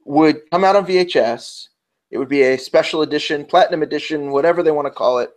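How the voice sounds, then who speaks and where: A man's voice: on the high side, fast. A man with a New York accent co-hosting a casual podcast, talking in a chatty, rambling way and often restarting his sentences. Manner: chatty, rambling, self-interrupting. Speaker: podcast co-host. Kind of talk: casual round-table chat.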